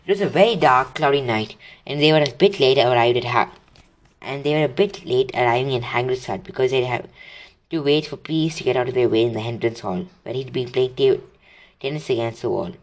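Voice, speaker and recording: A man's voice: mid-range voice, fairly quick. Man, storybook read-aloud, casual, slips and restarts. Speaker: reader. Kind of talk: reading a children's book aloud.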